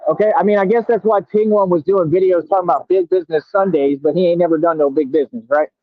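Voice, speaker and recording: A man hosting a combative stream, boasting and confronting commenters, stretching words slowly for emphasis. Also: sits high, no echo. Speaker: radio show host. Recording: tinny phone-like sound, dry.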